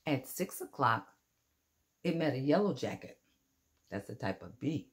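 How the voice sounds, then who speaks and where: An older woman reads a children's picture book aloud with a gentle, expressive delivery. Her voice rises and falls a lot across each sentence. She stops now and then to point out the pictures to young listeners. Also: extremely low pitch, measured pace, long pauses. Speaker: storyteller.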